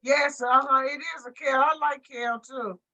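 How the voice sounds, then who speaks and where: A woman hosting a book club meeting, friendly and filling her pauses with long "uh"s. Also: high voice, fairly even intonation, sharp tone, muffled recording. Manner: friendly, fills pauses with drawn-out "uh". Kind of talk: casual group chat.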